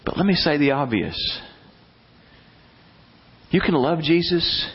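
A man preaching a sermon as pastor, animated and blunt, acting out prayers in a rising voice. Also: on the high side, takes it slowly, breathy edge, dull audio.

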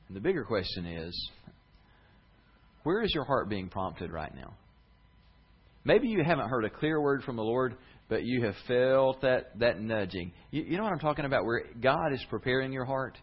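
A man's voice: mid-range voice, lively intonation, normal speed, slightly rough, lo-fi sound. A man preaching a sermon to his congregation, earnest and conversational. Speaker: pastor. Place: church sanctuary with congregation.

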